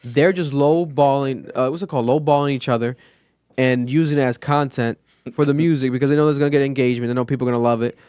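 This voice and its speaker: A man co-hosting a podcast, commenting casually and reasoning his points out loud. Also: medium pitch, fast talker, smooth, dry recording, studio quality. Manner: animated, talks through points out loud. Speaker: podcast co-host.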